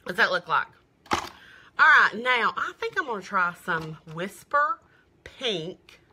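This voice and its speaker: A woman's voice: mid-range voice, sing-song, slow, bright, forceful tone, slight background noise. A middle-aged woman, doing a chatty live makeup demo and sales stream, gushing and greeting viewers by name. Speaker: makeup seller.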